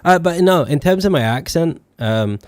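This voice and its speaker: This young VTuber streamer from northern England speaks with a Yorkshire accent lightly mixed with Scottish and posh tones, his slightly high, darkish voice lively in intonation at a moderate pace. He chats casually, rambling and swearing, laughing a lot and leaning on fillers. There's no room sound, just clean studio audio.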